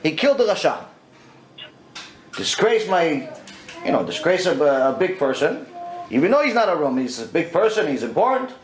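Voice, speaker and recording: A man's voice: fairly high pitch, very animated, normal speed, long pauses, roomy sound, a little hiss or hum, poor audio. A man, a rabbi, giving a Torah lecture and telling a story, acting out the dialogue in quotes.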